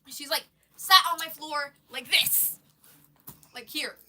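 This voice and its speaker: A woman's voice: sits high, slow, bright, forceful tone, recorded from a distance. A woman with a stuffy nose on a casual live stream, rambling about her day and swearing, with lots of restarts, sitting in her bedroom.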